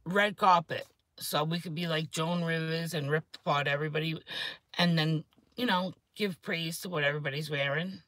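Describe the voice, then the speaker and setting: A woman, rambling excitedly and swearing freely in a casual chat to camera, her voice a little hoarse. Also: sits low, normal speed, no room sound. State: hoarse throat. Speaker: vlogger.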